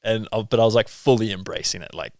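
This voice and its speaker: A man with a New Zealand accent, a podcast guest, telling stories in a relaxed way full of "like" and "bro". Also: on the low side, quick pace, creaky, dry recording, clean studio sound. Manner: laid-back, filler-heavy, lots of "like" and "bro". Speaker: podcast guest, pro skier. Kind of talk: casual podcast storytelling.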